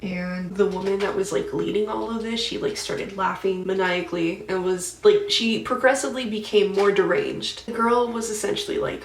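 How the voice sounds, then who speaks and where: Chatty young woman, gravelly voice, echoey room. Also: mid-range voice, fairly even intonation, moderate pace, hardly any pauses, distant mic, slight background noise. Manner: chatty, heavy use of "like", slangy. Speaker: beauty vlogger. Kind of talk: casual chat while doing makeup. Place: indoors at home, getting ready. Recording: echoey room, voice somewhat off-mic.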